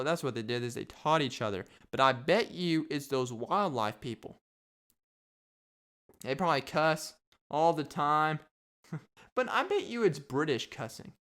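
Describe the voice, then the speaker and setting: Solo podcast host, male, smooth clear voice, loose jokey rambler. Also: medium pitch, a bit bright. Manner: rambling, jokey, riffs and repeats himself. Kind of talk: solo comedic podcast rant.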